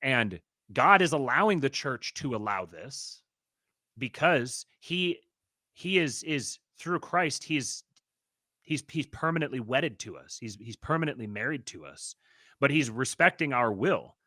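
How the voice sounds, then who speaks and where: Bright-voiced earnest male host. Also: medium pitch, lively intonation, a little slow, no echo, studio quality. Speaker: podcast host. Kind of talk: casual theological discussion.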